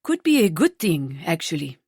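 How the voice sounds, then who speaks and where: A woman narrator voicing a wry, brisk man who speaks in a dry, matter-of-fact way. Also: deep voice, big pitch swings, a little mellow, breathy edge, no room sound, pitched below the performer's own voice, full character voice.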